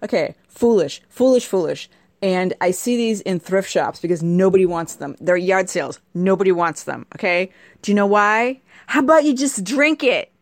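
A woman's voice: on the low side, moderate pace, no echo, studio quality. A woman host ranting in a casual, sarcastic, scolding way. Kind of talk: casual comedic rant.

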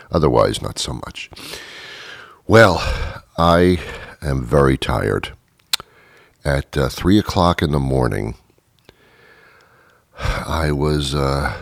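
A man's voice: rumbling low, creaky, no echo. A man hosting a comedy show, rambling through a dry, self-interrupting monologue. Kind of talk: deadpan comic monologue.

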